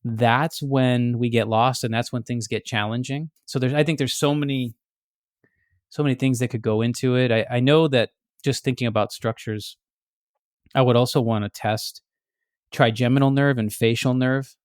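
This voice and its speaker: A man hosts a podcast in a relaxed, explanatory chat. He works through ideas step by step, restarting sentences as he thinks. His voice sits at a middle pitch, recorded close with a dry, dead sound. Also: normal speed, clean tone, no echo. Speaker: podcast host.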